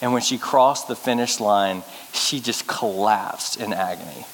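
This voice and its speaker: A male pastor giving a sermon, speaking earnestly and getting lively when he tells stories. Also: lowish voice, unhurried. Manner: earnest storytelling preacher, lively when telling anecdotes. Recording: reverberant hall with faint hiss.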